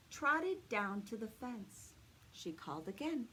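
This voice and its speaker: Lively, slow-reading children's librarian woman. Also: fairly high pitch, very noisy. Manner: animated and expressive, asks children questions. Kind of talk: story time read-aloud for children.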